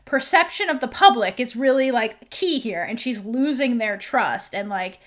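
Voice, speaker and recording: A woman's voice: fairly high pitch, expressive, normal speed. A woman podcast host recapping a TV episode in a chatty way, full of "like" and half-acted lines from the characters.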